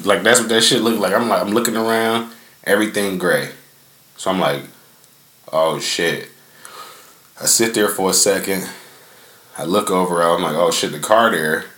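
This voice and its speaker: A man's voice: deep voice, fairly even intonation, fairly quick, fairly bright tone, roomy sound. A young man hosting a podcast, telling a story in a loose, profane, rambling way from his front yard. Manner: laid-back, profane, rambling with many fillers. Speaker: podcast host. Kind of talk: casual storytelling.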